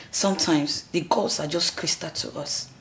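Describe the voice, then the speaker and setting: A woman's voice: lowish voice, slow pace, fairly bright tone, slight background noise. An actress playing an outspoken palace woman with a Nigerian accent in a film. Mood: defiant. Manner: blunt, defiant. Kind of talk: film acting.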